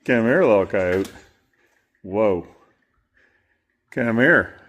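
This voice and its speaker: A man's voice: fairly low pitch, animated, very slow, a bit bright, dull audio. A man filming his pets and coaxing them in a teasing, playful voice, swearing casually as he goes. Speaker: pet-owning video creator.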